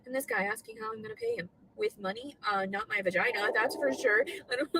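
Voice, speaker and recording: High-voiced, agitated woman ranting. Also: big pitch swings, a little fast, gravelly, hardly any pauses, bright, forceful tone, a little hiss or hum, poor audio. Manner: agitated, profane, pleading. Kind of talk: emotional livestream rant. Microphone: computer mic on a livestream.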